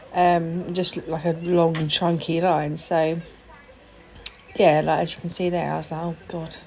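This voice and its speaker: A woman's voice: low-pitched, little pitch movement, takes it slowly, pauses often, darkish tone. A young woman casually talking through her nail work in a tutorial vlog, chatty and full of little asides and fillers. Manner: chatty, lots of fillers and self-deprecating asides. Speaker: nail tech vlogger.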